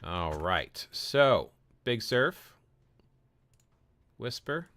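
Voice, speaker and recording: A man's voice: medium pitch, big pitch swings, drawn-out words, a bit bright, no echo. A man live-streaming a mobile game in casual chat, greeting viewers by name, answering chat and often repeating words as he talks. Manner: chatty, friendly, repeats words and restarts often.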